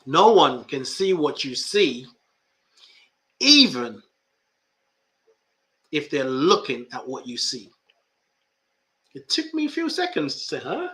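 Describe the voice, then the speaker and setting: A man's voice: fairly high pitch, wildly swooping pitch, slow pace, long pauses, bright, forceful tone. A man hosting a podcast as a life coach, speaking emphatically and talking straight to his listeners in a reflective monologue. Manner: emphatic, talks to listeners directly.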